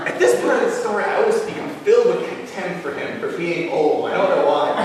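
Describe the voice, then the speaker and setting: A male comedian retelling a novel on stage, sarcastic and laughing as he goes, sometimes mumbling and sometimes shouting. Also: high voice, expressive, quick pace, hardly any pauses, heavy reverb, in a large hall, far from the mic, over a noisy crowd, rough recording. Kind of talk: stand-up storytelling.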